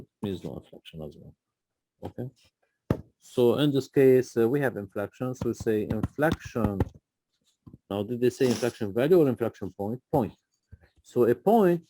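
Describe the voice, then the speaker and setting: A man's voice: mid-range voice, warm tone, dry recording. A man tutoring a student through a math problem, patient and often checking in with "okay?". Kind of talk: live tutoring session.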